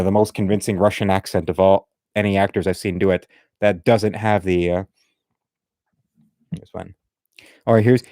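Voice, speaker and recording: A man's voice: deep voice, mellow, no echo, clean studio sound. A man giving casual, blunt and meandering commentary on artwork, opinionated and chatty. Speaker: art commentator.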